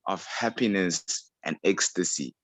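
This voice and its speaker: Low voiced guy student, dry close sound, thinking it through. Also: fairly bright tone, no echo. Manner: thoughtful, measured, some repeats. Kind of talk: class discussion answer.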